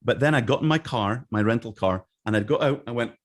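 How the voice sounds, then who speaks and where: A middle-aged man recounting his career in a relaxed interview. He talks with lively energy and slips into the voices of the people he quotes. His voice sits at an ordinary middle pitch. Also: a little fast. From Scotland. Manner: animated, acts out quoted voices. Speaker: interview guest. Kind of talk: casual storytelling.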